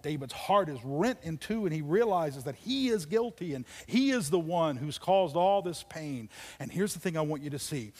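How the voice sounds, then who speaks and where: A man preaching a sermon, telling a story with dramatic pauses and dropping to near whispers for emphasis. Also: a little high, a little mellow, long reverb tail. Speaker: pastor. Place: church auditorium.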